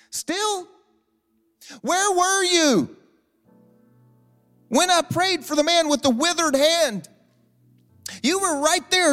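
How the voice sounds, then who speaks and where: An exasperated Jesus, as a preacher puts him on, lifted far above the speaker's own register and pushed loud, firing off incredulous, drawn-out questions at his frightened followers. The voice rings out with a long hall echo. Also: very high-pitched, pitched above the performer's own voice, heavily acted. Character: exasperated Jesus scolding his fearful disciples, adult man.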